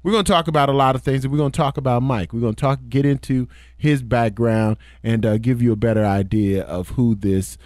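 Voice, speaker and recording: A man's voice: mid-range voice, fairly even intonation, fairly quick, few pauses, darkish tone, no echo, studio quality. A man hosting a casual talk show, playful and given to repeating himself as he sets up the topics. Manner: repetitive, playful. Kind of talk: casual chat.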